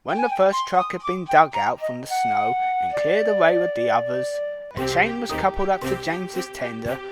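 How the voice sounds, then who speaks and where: A man narrating a children's storybook in an expressive, lively reading. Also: fairly high pitch, normal speed. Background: loud music.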